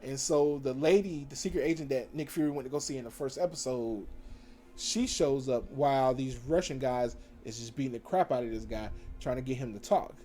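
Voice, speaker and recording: A man recapping TV episodes in a casual, slangy, animated way, full of fillers and self-corrections. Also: medium pitch, fairly quick. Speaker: TV show reviewer. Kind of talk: casual recap with acted quotes.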